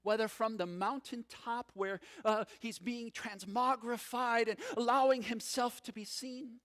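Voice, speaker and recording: A man preaching a sermon as a first-person story, dramatic, swinging from loud passages to hushed, low ones. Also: steady tone, a little slow. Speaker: pastor.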